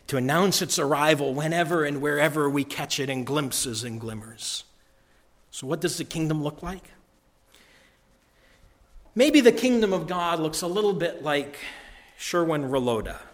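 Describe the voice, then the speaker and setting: A man preaching a sermon to his congregation, emphatic, repeating key phrases and swinging from loud declarations to hushed lines. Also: medium pitch. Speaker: pastor.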